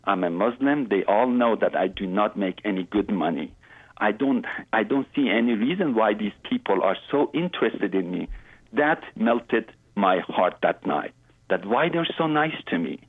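A man, earnestly telling his personal story as an interview guest, in halting phrasing. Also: fairly low pitch, animated, breathy edge, no echo. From Iran. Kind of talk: personal faith testimony in an interview. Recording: dry, phone-like line.

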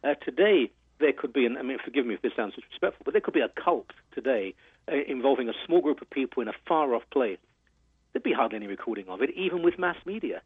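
British male guest author, earnest and measured, husky voice, dry phone-line sound. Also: medium pitch, lively intonation, no room sound. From England. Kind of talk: radio interview.

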